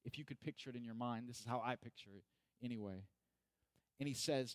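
A man's voice: medium pitch, quick pace, no echo. A man preaching a sermon in a conversational way, acting out pleading questions with rising intensity.

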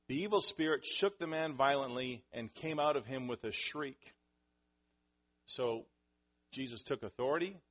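A man preaching a sermon, animated, acting out scenes with sudden loud outbursts. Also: medium pitch, lo-fi sound. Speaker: pastor.

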